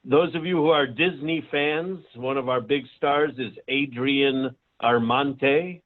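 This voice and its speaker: Male producer guest, halting delivery, thin phone-like audio, mid-pitched. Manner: halting, many fillers. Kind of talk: casual talk on a video call. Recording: tinny phone-like call audio.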